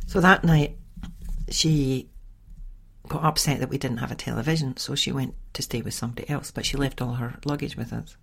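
Chatty woman with a gravelly voice. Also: low-pitched, brisk. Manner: chatty, animated, with sighs and laughs. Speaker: podcast host. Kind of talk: casual storytelling monologue.

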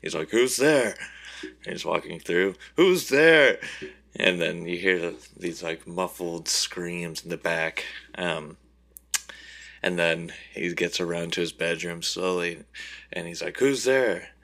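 A man's voice: low-pitched, completely flat delivery, sharp tone. A man co-hosting a comedy podcast, recapping a movie and laughing as he acts out quotes. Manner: slow, laughing, breaks into exaggerated quoted voices. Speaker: podcast co-host.

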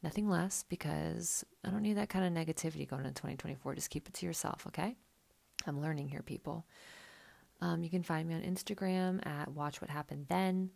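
A woman's voice: sits low, fairly quick, creaky, a little mellow. A woman hosting a podcast, recapping a reality show in a chatty, sarcastic, casual way. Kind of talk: casual chat.

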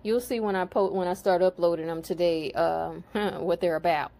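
A woman's voice: fairly low pitch, fairly even intonation, normal speed, warm tone. A woman spiritual card reader and healer talking casually to her viewers, blunt and profane, growing heated and preachy.

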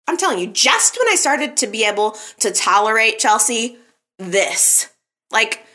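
A woman's voice: fairly high pitch, big pitch swings, slow pace, pauses often, pushed and bright. A woman hosting a casual recap podcast, chatting animatedly and talking straight to her listeners. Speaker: soap opera recap podcast host.

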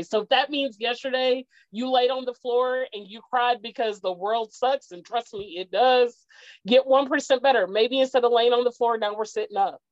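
A woman's voice: a little high, no room sound. Woman, interview guest, earnest, repeats phrases, dry, muffled lo-fi sound. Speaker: guest, parent. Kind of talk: heartfelt conversational interview.

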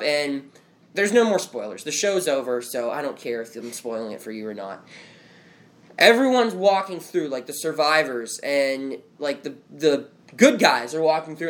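A young man recaps a show in a casual chat at home among friends and family, his voice a little high and a bit bright. He rambles and leans heavily on "like".

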